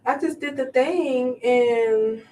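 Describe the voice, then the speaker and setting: A woman's voice: sits high, slow, warm tone, a little hiss or hum. A woman co-hosting a casual chat show, chatty and full of questions, often trailing off and restarting. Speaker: podcast co-host. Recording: echoey room, distant mic.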